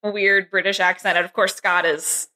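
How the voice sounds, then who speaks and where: A woman co-hosting a podcast in casual chat, giggly and animated, with quick jokes and some swearing. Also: mid-range voice. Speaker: podcast co-host.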